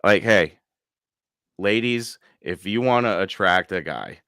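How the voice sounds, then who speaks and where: A man's voice: low-pitched, expressive, slow pace, a bit bright, smooth, no echo, clean studio sound. A man hosting a live podcast, chatting casually and laughing often as he reads out viewer comments. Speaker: podcast host. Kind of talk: casual live-stream chat.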